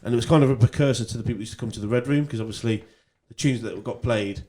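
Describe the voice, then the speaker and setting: A man, a DJ guest on a radio show, telling club stories in a relaxed, rambling way. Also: mid-range voice, racing. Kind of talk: casual radio interview. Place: radio studio.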